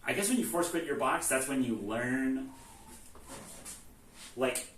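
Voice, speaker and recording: A man's voice: mid-range voice, animated, unhurried, a bit bright, slight background noise. A man casually recapping a game's story, rambling with lots of "like" and swearing, and acting out the lines. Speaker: host recapping a video game series. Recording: echoey room, far from mic, faint ambience.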